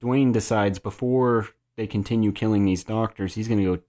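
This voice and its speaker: A man with a warm voice on the low side hosts a casual podcast, directing the recap and quizzing his co-hosts. His intonation is fairly even and his speed normal.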